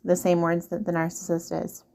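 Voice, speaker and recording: A woman's voice: on the low side, completely flat delivery, moderate pace, gravelly, dark tone. A woman speaking earnestly and directly to the listener in a casual advice monologue, repeating her points. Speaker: vlogger giving relationship advice.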